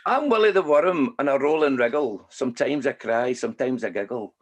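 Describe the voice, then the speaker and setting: A man's voice: mid-range voice, expressive, brisk, lightly acted. A man voicing a self-pitying male worm with a Scottish accent, reciting a rhyming poem. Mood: rueful, comic. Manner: sing-song rhyming recital.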